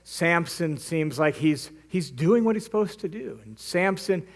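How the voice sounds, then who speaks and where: A man's voice: fairly high pitch, animated, measured pace. A male pastor preaching a sermon, retelling a story vividly and acting out the characters' lines. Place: church.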